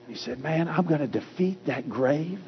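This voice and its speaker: A man preaching a sermon in a church. He talks emphatically and repeats key phrases with slow, drawn-out stress. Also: on the high side, animated, a little hiss or hum. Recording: dull recording with long hall reverb.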